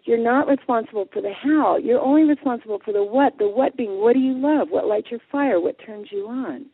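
Radio guest: woman, husky, lively storyteller heard over a phone line. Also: fairly high pitch, a little fast, no room sound. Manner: animated storyteller, acts out quotes. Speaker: guest, passion coach. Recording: dry tinny phone line.

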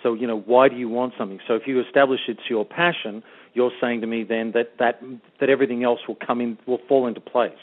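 A man's voice: medium pitch, steady tone, fast talker. Host: conversational man asking questions, narrow phone-like sound. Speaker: radio host. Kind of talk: radio interview. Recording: tinny phone-like radio sound.

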